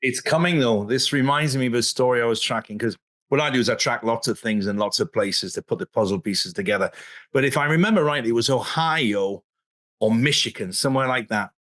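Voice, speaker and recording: A man in a casual video interview, telling stories in an animated way and often chuckling mid-sentence. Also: medium pitch, a little fast.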